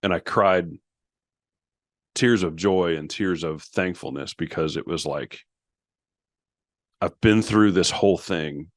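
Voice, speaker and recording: A man's voice: sits low, slow pace, pauses often, no room sound, clean studio sound. A man as a podcast guest, earnestly retelling an emotional story with many restarts and quoted dialogue.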